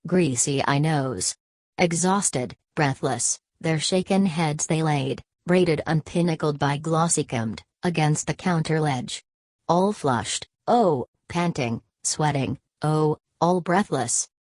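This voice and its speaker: A woman reading a literary audiobook in a measured, unhurried way. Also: deep voice, darkish tone, dry recording. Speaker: audiobook narrator.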